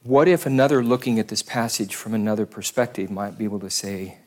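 A man's voice: on the low side, brisk. A man giving a casual, conversational sermon as a pastor, rambling with self-deprecating asides.

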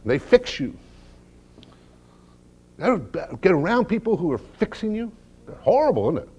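A middle-aged male pastor preaching a sermon with humorous stories, dropping to hushed low lines and rising to loud emphatic peaks. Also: big pitch swings, normal speed, slightly rough. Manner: humorous storytelling.

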